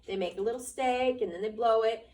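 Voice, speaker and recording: A woman reading aloud and voicing a weary grown man who speaks quietly and flatly. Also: fairly high pitch, fairly quick, distant mic, pitched above the performer's own voice, natural voice. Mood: subdued. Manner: quiet, flat, subdued.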